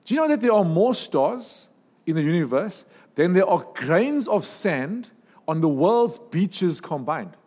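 A man preaching a sermon in a lively, humorous way, with asides and jokes. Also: sits high, in a large hall.

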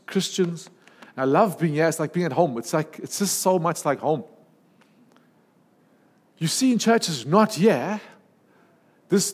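Animated preaching man in a reverberant hall. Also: high voice. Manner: humorous, animated preaching with asides. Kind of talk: sermon.

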